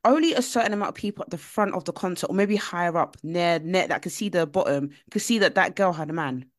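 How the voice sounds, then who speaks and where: Young woman on a podcast, lively storyteller, dry close mic. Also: lowish voice, fast talker, dry recording. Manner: animated storytelling, jumps into voices. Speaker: podcast co-host. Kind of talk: casual chat.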